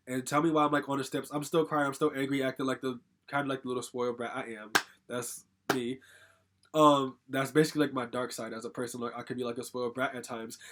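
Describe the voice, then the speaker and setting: Fast-talking young man telling a story. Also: medium pitch, flat delivery, fairly bright tone. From Connecticut. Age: young adult. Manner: rambling, heavy use of "like" fillers, swears casually. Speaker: storytime vlogger. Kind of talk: casual storytelling.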